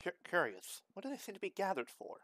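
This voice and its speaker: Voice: mid-range voice, huge pitch swings, fast, a bit bright, a little hiss or hum. Stammering formal adventurer, as a player puts it on. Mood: curious. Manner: stammers, stiffly formal wording.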